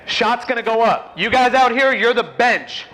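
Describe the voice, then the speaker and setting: A man running a basketball coaching clinic in a gym, giving brisk, commanding drill instructions to players and explaining the ideas to coaches. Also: very high voice, animated, bright, forceful tone. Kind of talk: on-court coaching demonstration. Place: indoor gym.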